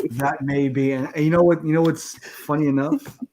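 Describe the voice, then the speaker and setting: Man in his 40s, easygoing talk-show host, slightly higher voice, unhurried. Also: fairly even intonation, mellow. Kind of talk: casual live panel chat.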